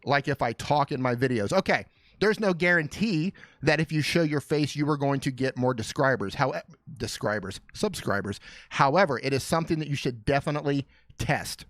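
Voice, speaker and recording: At a moderate pace and mid-range pitch, with no room sound, a man hosts a laid-back live question-and-answer stream from a small studio. He jokes and welcomes viewers by name, clearly excited and fired up.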